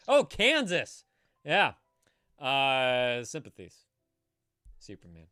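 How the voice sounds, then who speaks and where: A man's voice: medium pitch, smooth, no room sound, clean studio sound. A man hosting a live stream, joking around and swearing freely in casual chat. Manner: animated, swearing freely, jokey. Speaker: stream host.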